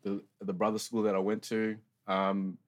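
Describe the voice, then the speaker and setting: A young Australian man, a guest sharing his life story, chats casually in a lowish voice with little pitch movement at normal speed. He rambles, leans heavily on filler words, and swears freely.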